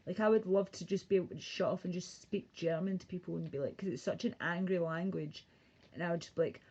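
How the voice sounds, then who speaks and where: A woman's voice: lowish voice, quick pace, dark tone, slightly rough. A woman ranting casually and profanely on a livestream, rambling from one thought to the next. The sound is muffled, lo-fi audio. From Britain.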